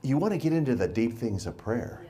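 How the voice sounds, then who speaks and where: Animated man preaching a sermon. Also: medium pitch, a little fast. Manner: emphatic, repeats words for emphasis.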